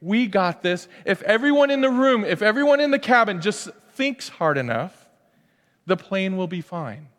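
A man in his thirties preaching a sermon in an animated way, acting out quoted prayers and cries. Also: sits high, normal speed. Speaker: pastor. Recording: long reverb of a large hall.

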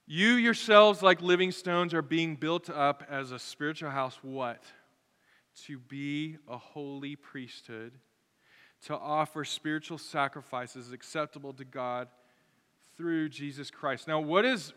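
A man preaching a sermon as pastor, lively and conversational, acting out the voices of people in his stories. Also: fairly high pitch, unhurried. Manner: animated, acts out voices of others. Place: church sanctuary. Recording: long hall reverb.

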